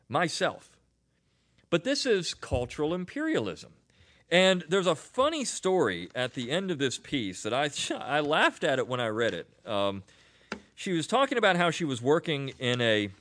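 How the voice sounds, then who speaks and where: A man's voice: on the high side, wildly swooping pitch, moderate pace, a bit bright. A middle-aged man hosting a podcast, talking through unscripted commentary in a chatty way, full of fillers and restarts. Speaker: podcast host.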